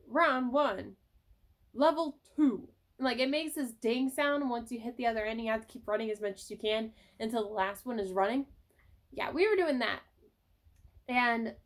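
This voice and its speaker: A young woman vlogger telling personal stories in a casual, animated way, swearing now and then. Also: sits high. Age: young adult. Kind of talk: casual storytelling vlog.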